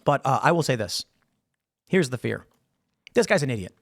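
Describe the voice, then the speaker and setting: A man's voice: mid-range voice, sing-song, normal speed, gravelly. A man hosting a show, giving casual, opinionated commentary with lots of rhetorical questions. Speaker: show host.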